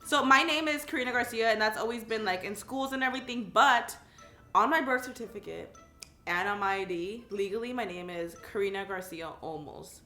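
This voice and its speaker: This Californian woman in her twenties makes craft videos for YouTube; she reads out questions, chats bubbly and casually, leans heavily on "like," and laughs at her own replies. She has a mid-range, bright, forceful voice and talks fairly quickly. The sound is roomy, backed by soft music.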